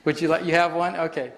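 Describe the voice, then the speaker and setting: A man's voice: fairly high pitch, gravelly. A man facilitating a live workshop demonstration on stage before an audience, explaining in a chatty way and laughing often.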